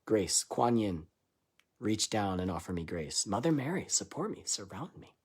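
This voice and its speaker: A man giving a live channeled reading, loose and irreverent, swearing and laughing between lines, swinging between loud declarations and quiet asides. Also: on the low side, big pitch swings, normal speed, husky. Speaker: spiritual channeler.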